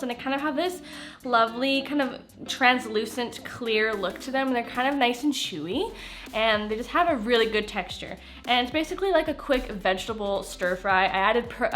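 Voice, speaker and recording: A woman's voice: on the high side, fairly bright tone. A woman chatting casually in a home cooking vlog, bubbly and gushing over her meals. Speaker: food vlogger.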